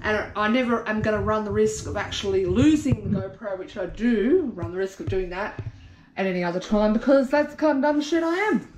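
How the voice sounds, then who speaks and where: A woman's voice: medium pitch, fairly quick, a little mellow, reverberant, a little hiss or hum. An Australian woman talking casually to an action camera as she shows around her home, blunt and chatty, with the odd swear. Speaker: vlogger.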